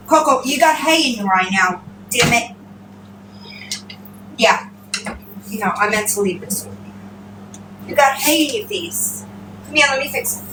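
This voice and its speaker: A woman chatting casually on a home livestream, rambling and swearing, and breaking into high baby-talk with her pets. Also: expressive, unhurried, pauses often, noisy background. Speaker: livestream host. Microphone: phone.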